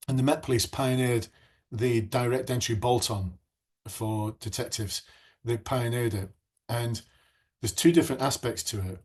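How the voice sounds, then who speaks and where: A man's voice: medium pitch, darkish tone, husky. A middle-aged man coaching would-be police officers in a live online masterclass, chatting and reacting to viewers' comments.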